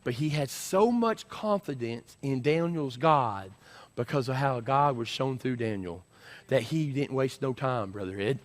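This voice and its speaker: A man preaching an animated sermon as senior pastor, urging the crowd with call-and-response. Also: medium pitch, measured pace, background noise.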